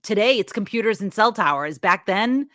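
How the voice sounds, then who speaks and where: A woman co-hosting a casual podcast, retelling a film's plot in a chatty, animated way. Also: mid-range voice, normal speed, dry recording, studio quality. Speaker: podcast co-host recapping the plot.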